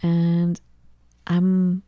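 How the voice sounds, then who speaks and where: Woman host, mellow low voice, playful and gushing, casual kitchen chat. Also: completely flat delivery, drawn-out words, no room sound. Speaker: co-host of a talk show. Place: home kitchen.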